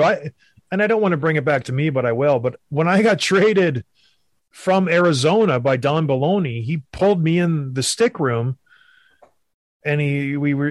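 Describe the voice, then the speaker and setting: A man, a former hockey player, co-hosting a casual sports talk show and telling stories with animated emphasis. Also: a little high, dry recording, studio quality.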